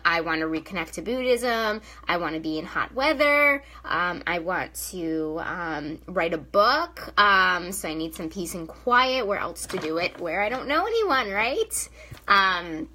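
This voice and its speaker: A woman's voice: lowish voice, sharp tone, rough recording. A young woman, a spiritual coach, talking casually to viewers on a live stream, with many fillers and "right?" tags.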